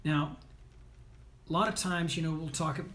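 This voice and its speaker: A male sports coach delivers a motivational talk in a fairly high voice. He is blunt and emphatic, scolds his listeners at times, and keeps punctuating his points with "right?" and "okay?". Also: measured pace, a bit bright.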